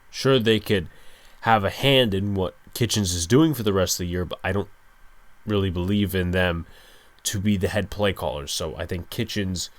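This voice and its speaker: A young man hosting a solo sports podcast, speaking low and hushed late at night, with a resigned, frustrated fan's tone. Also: no echo. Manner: resigned, frustrated fan rant. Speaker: podcast host.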